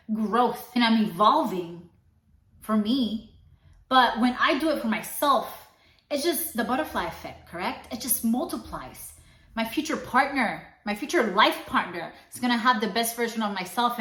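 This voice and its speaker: A young woman talks through a motivational self-help monologue, emphatic and sassy, leaning on repeated affirmations. Her voice sits a little high for a woman. The room around her is echoey. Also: fairly bright tone. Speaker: podcast host.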